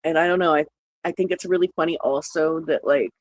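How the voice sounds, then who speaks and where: A woman's voice: low voice, fairly even intonation, a little fast, a little mellow, low-quality recording. A woman streaming live, chatting casually with viewers, greeting them by name, joking sarcastically and laughing at her own jokes. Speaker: livestreamer. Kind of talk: casual livestream chat.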